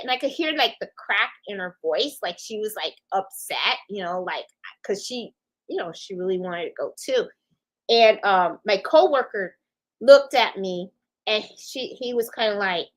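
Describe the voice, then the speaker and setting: A woman's voice: medium pitch, normal speed, rough recording. A middle-aged woman hosting a sewing channel, chatting casually and acting out voices as she tells a story with laughs. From Puerto Rico. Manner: animated, laughing, acts out voices in quotes.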